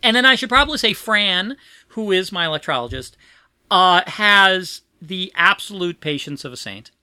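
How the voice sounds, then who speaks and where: A woman's voice: mid-range voice, expressive, normal speed, pushed and bright, clear, resonant tone, no echo. A woman chatting casually, telling a rambling personal story with frequent laughs and restarts. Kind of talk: casual chat.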